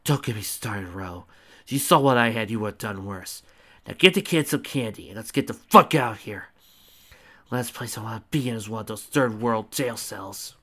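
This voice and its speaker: A man's voice: fairly low pitch, moderate pace, pushed and bright. A man reading as a brash, foul-mouthed female agent. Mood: gruff. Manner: blunt, swearing, clipped replies.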